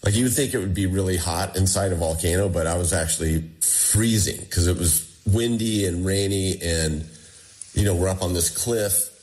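A deep-voiced man, a guest, tells his survival story in a conversational way at a normal speed. He retells it with animation, acting out the quoted dialogue.

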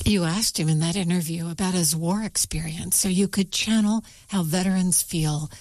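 A woman interviewer asking measured, direct questions. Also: on the low side, a little mellow, no echo.

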